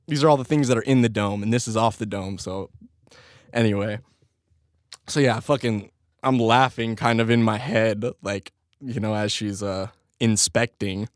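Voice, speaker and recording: A man's voice: on the low side, normal speed, no echo, clean studio sound. A young man hosting his own podcast, telling a crude, self-mocking story in casual chat and laughing often. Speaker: podcast host.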